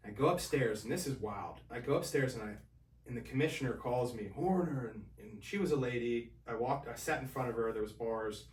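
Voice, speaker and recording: A man as a podcast guest, telling his own story in a casual, animated way and acting out the voices of the people in it. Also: mid-range voice, brisk, echoey room, far from the mic. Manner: animated, acts out quoted voices.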